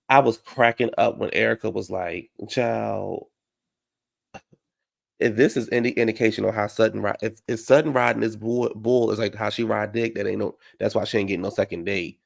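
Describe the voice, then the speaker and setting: Sassy gravelly-voiced man recapping gossip. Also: fairly even intonation, a little fast. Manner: dramatic, sassy, slangy, acts out quotes in high mocking voices. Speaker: reality TV recap commentator. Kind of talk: casual recap chat.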